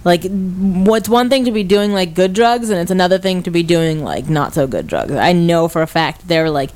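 A woman's voice: lowish voice, moderate pace. A young woman in casual group chat, telling stories with lots of energy. She slips into quoted voices as she goes. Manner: animated storytelling, acts out quoted voices.

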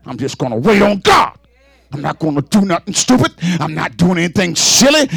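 A man a sermon in a whooping, sing-song style, with sudden exclamations and rapid repeated words. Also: high-pitched, big pitch swings, creaky, a bit bright, husky, no room sound. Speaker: preacher.

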